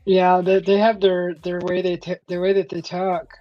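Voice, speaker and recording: A woman's voice: lowish voice, monotone, normal speed, no room sound. A woman hosting a casual chat, rambling with many fillers and frequent laughs. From California. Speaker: host. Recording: dull lo-fi stream audio with faint music.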